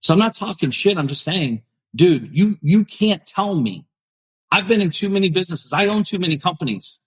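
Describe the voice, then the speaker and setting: Middle-aged male podcast host, husky voice, swears freely, confrontational straight-talk. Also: high voice, lively intonation, normal speed, poor audio. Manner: confrontational, swearing, addressing viewers directly. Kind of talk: blunt profane rant.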